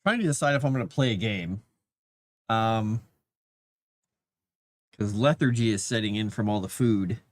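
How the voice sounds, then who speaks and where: A man's voice: fairly low pitch, lively intonation, moderate pace, pauses often, no room sound, studio quality. A man rambling casually on a livestream, chatting to his cat between thoughts.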